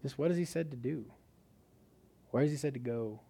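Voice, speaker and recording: A man's voice: mid-range voice, fairly quick, vocal fry, mellow, breathy edge. Casual storytelling male preacher. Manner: conversational storytelling with many "like" fillers. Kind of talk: casual sermon testimony.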